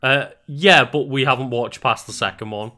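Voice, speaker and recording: Bright-voiced man reacting in disbelief. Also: medium pitch, normal speed. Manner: reactive, laughs along, asks incredulous questions. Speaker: podcast co-host. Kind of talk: casual chat.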